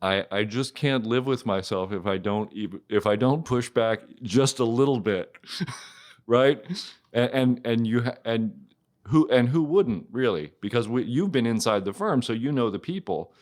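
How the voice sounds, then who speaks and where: A man's voice: medium pitch, measured pace, darkish tone. A man hosting an interview podcast who questions his guest politely but with skepticism. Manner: skeptical, pushes back politely. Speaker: podcast host. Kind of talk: interview conversation.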